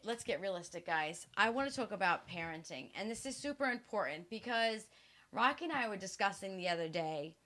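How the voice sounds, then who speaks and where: A woman's voice: fairly high pitch, a bit bright. A woman in her forties, co-hosting a casual chat, blunt and frank, swearing freely. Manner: frank, restless, many restarts. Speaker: podcast co-host.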